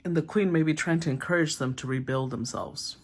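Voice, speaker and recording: A woman giving a casual tarot reading, thinking aloud, often clearing her throat and murmuring as she names the cards. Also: sits low, fairly quick. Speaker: tarot reader.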